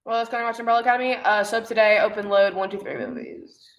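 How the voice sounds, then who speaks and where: A woman's voice: on the high side, fairly even intonation, quick pace. A young woman hosting a live watch party, chatting casually, laughing often and swearing freely. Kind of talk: casual livestream chat. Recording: roomy echo.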